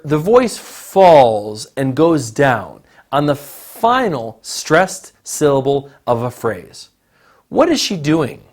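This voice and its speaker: Slow, deliberate male English teacher. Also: mid-range voice. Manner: slow, deliberate, models intonation. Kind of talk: recorded lesson narration.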